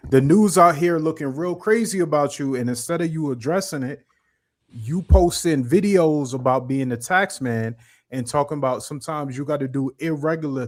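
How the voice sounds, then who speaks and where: Blunt, rambling American man. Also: fairly high pitch. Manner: blunt, rambling, profane trash talk. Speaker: podcast co-host. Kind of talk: casual podcast chat.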